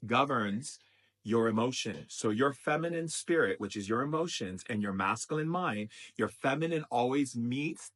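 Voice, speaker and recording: A man's voice: medium pitch, expressive, normal speed, fairly bright tone. A man as a spiritual teacher giving an emphatic, repetitive motivational talk.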